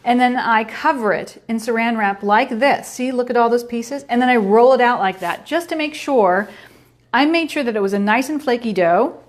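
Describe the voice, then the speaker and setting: A middle-aged woman walks through a pie recipe in a chatty, playful way and tosses in little sound effects as she goes. She is the host of a baking show. Her voice sits a bit high. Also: normal speed. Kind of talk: cooking demonstration.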